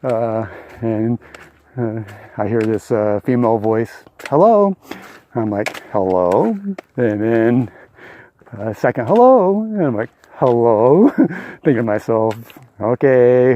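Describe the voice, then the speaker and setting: A man's voice: lowish voice, measured pace, warm tone. An older man vlogging his thru-hike outdoors on a mountain trail, telling a long story in a casual, rambling way. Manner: rambling storytelling with many uh fillers.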